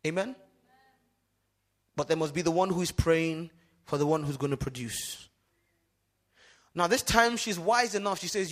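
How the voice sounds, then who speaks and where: A pastor preaching a sermon, whose first language is Yoruba, who swings from loud exclamations to hushed asides and keeps calling for the congregation's response. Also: male voice, on the high side, moderate pace, long pauses.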